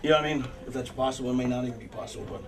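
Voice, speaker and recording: A man's voice: mid-range voice, steady tone, racing, recorded from a distance, crowd noise, poor audio. Rambling, profane man talking backstage. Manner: rambling, profane, full of fillers and restarts. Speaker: wrestler planning a match backstage. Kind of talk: backstage planning talk.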